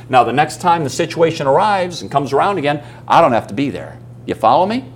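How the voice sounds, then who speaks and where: A man's voice: a little high, very animated, a little fast, slight background noise. Emphatic man coaching a seminar audience. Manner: emphatic, asks the audience questions and acts out stories. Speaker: business coaching speaker. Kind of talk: live seminar talk to an audience.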